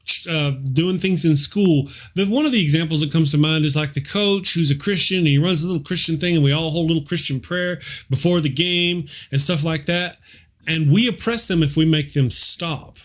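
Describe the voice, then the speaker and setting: A man hosting a casual chat show with a fairly high, light voice. He talks in an animated, joking way and laughs often. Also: a little fast. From Texas. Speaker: show host.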